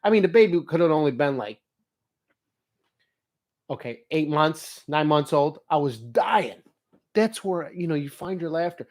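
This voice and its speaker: Animated, swearing storyteller man. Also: a little high, measured pace, long pauses. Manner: animated storyteller who swears and laughs freely. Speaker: motivational vlogger. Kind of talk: casual monologue, reading notes aloud.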